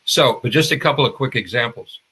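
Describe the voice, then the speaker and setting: A man's voice: medium pitch, expressive, brisk, bright, forceful tone, husky. An older man, a marketing expert guest, explaining in a conversational interview with restarts and examples.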